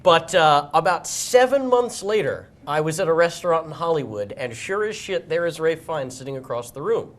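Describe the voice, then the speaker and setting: A man's voice: a little high, expressive, moderate pace, hardly any pauses. A man who is a celebrity guest, telling a self-deprecating comic anecdote on a game show.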